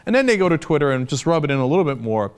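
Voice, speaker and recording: A man's voice: fairly high pitch, very animated, racing, smooth. Fired-up sarcastic man. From United States. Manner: impassioned, sarcastic, argumentative. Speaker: political commentator. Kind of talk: opinionated political commentary.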